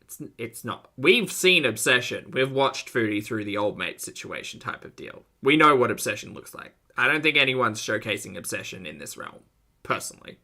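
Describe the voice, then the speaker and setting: A man's voice: medium pitch, big pitch swings, moderate pace, vocal fry, sharp tone. A man hosting a reaction commentary, dry and sarcastic, with wry asides. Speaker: commentary host.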